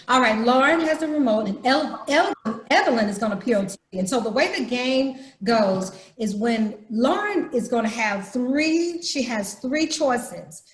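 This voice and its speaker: A woman's voice: on the high side, echoey room, rough recording. A woman leading an online youth workshop, explaining a game patiently over a video call. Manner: explains patiently, breaks into acted demonstrations. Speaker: troop program leader.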